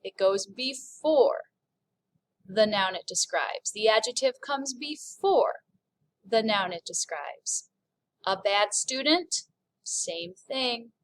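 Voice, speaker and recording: Upbeat teacher lady, kinda high voice, takes it slow n clear for the class. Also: lively intonation. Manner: slow and clear, models French words, upbeat. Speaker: French teacher. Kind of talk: recorded classroom lesson.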